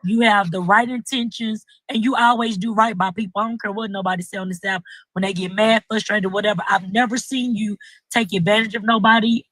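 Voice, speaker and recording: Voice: medium pitch, fairly even intonation, a little fast, fairly bright tone, no echo, low-quality recording. A juror on a live stream chatting casually, speaking up earnestly in support of the host.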